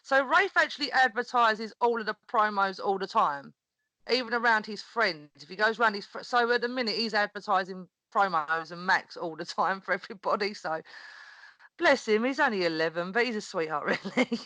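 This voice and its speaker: Bright-voiced woman telling stories. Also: mid-range voice, brisk, no room sound, low-quality recording. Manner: animated, laughs often, acts out quoted voices. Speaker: podcast guest, wrestling promo performer. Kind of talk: casual storytelling chat.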